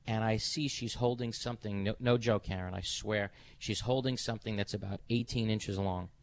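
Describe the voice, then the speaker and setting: A man's voice: on the low side, normal speed. Middle-aged man hosting a call-in radio show. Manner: animated storyteller, acts out quoted voices. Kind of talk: casual on-air chat.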